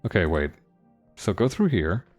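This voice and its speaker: A man's voice: low voice, sing-song, moderate pace, faint music behind. A man thinking aloud and reading game text during a let's play, musing with many restarts. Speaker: game streamer.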